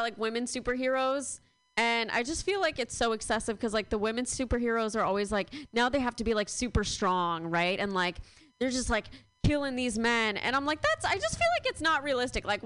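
A woman's voice: on the high side, fairly bright tone, smooth, no room sound. A young woman in her twenties doing a rambling stand-up set, full of fillers and self-deprecating asides. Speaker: stand-up comedian.

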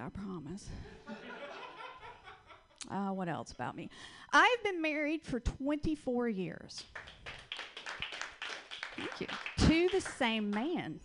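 A woman's voice: a little high, big pitch swings, a bit bright. A woman in her forties from Georgia with a Southern accent, doing a brash, dry stand-up set on a club stage. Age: 40s. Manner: dry, brash storytelling with punchline pauses. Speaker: stand-up comedian.

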